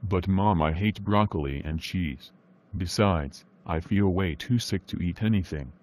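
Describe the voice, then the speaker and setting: A synthetic male text-to-speech voice playing a little boy who fakes a deep sick voice, flat and monotone. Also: measured pace.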